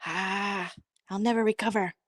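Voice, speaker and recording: A woman's voice: medium pitch, fairly even intonation, unhurried, no echo, natural voice. Brief: indignant, dramatic complainer lady, dry close sound, as a woman mimics her. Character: indignant woman nursing a grudge.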